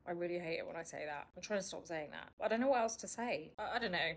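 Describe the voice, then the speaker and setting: A young British woman talking casually to camera in a vlog, chatty and quick to laugh. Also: on the low side, a bit bright. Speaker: beauty vlogger.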